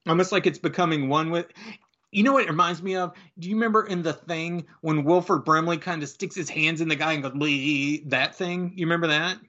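A man chatting casually as he recaps a comic book, rambling with lots of fillers and slipping into quick character voices. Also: fairly high pitch, sharp tone, lo-fi sound. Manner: rambling, filler-heavy, acts out quoted lines in different voices.

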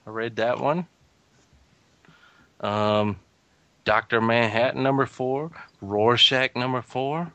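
A man's voice: medium pitch, fairly even intonation, slow pace, long pauses, pushed and bright, no echo. A man in a casual chat about comics, laid-back as he lists what he has read.

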